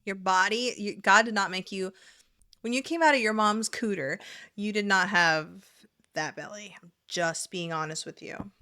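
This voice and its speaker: A woman's voice: mid-range voice, normal speed, pushed and bright. A woman hosting a casual reaction video, talking in a blunt, sarcastic, chatty way.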